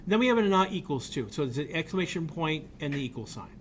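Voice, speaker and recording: A man with a slightly higher voice than most men is giving a casual college lecture on game programming. He explains out loud as he goes and circles back to repeat phrases. He is blunt when something is no good. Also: big pitch swings, quick pace, slight background noise. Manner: informal, thinks aloud and repeats himself while explaining; blunt about tools he dislikes. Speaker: college game development instructor. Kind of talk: recorded classroom lecture.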